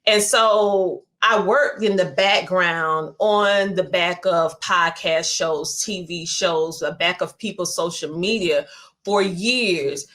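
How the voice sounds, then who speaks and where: A woman's voice: fairly low pitch, slow, fairly bright tone. Woman with a heavy Southern twang. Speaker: podcast guest, media entrepreneur. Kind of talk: candid conversational interview.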